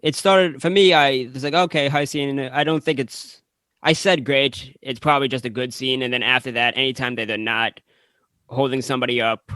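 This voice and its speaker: A young man co-hosting a casual movie podcast, talking in a relaxed, measured way. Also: medium pitch, clear, resonant tone, no echo. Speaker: podcast co-host. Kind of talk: casual film review chat.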